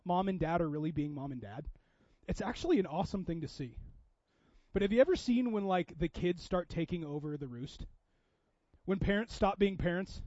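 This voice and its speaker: A man from Seattle with a notably high voice preaches a sermon in a talky, personal way. He restarts often and swings between loud emphasis and quiet asides. The sound is dry and somewhat dull, like a lo-fi recording. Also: no room sound. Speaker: pastor.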